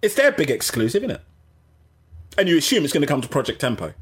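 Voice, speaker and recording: A man talks through a casual gaming stream with a husky, slightly high voice that swings widely in pitch. He rambles, restarts his sentences and interrupts himself as he goes. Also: fast. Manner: rambling, animated, self-interrupting. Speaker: gaming channel host. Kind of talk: casual livestream chat.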